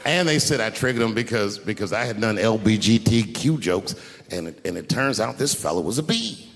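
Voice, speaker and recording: A man doing a stand-up comedy routine, telling his story in a lively way that swings from hushed asides to shouted punchlines. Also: fairly low pitch, fairly quick, creaky. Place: large theater stage before a live audience. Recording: roomy hall with loud crowd noise.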